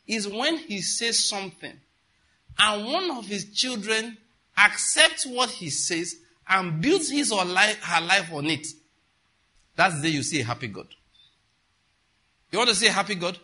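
A man's voice: on the high side, expressive, normal speed, long pauses, bright, forceful tone, husky. A man preaching a sermon with emphasis, often stopping to ask his congregation questions.

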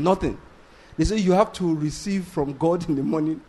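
Male preacher, blunt, lively delivery in a slightly higher register, keeps checking the congregation follows. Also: normal speed. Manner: animated, blunt, asks the congregation rhetorical questions; laughs between points, restarts sentences. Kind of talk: sermon.

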